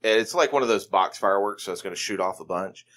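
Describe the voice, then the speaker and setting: A man's voice: fairly low pitch, fast, a bit bright. A man co-hosting a casual podcast chat, joking and telling stories with animation. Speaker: podcast co-host.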